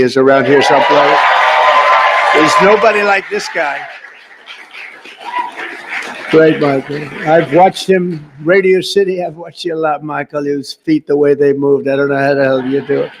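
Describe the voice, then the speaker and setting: Male speaker, gravelly, slightly high; off-the-cuff reception speech, rambling with teasing asides to the room. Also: slight background noise. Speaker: host of a reception, giving a speech. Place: large reception room, indoors.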